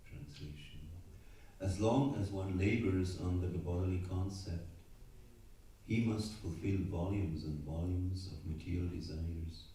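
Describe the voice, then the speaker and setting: A man leading a temple scripture class, reading verses and their translations in a measured way and pausing so the congregation can repeat each line. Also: sits low, mellow, slight background noise. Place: temple hall. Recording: echoey hall, voice far from mic.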